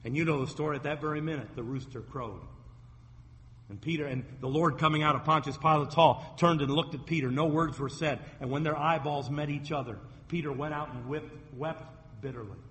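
A man's voice: a little high, fairly quick, fairly bright tone, long reverb tail, slight background noise. A man preaching a sermon as a pastor, retelling scripture stories vividly and acting out the quoted voices.

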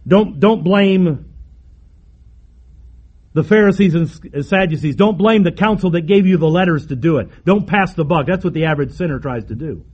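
A man preaching a sermon emphatically, with repeated phrases and dramatic pauses. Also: a little high, animated, slightly rough, dull audio.

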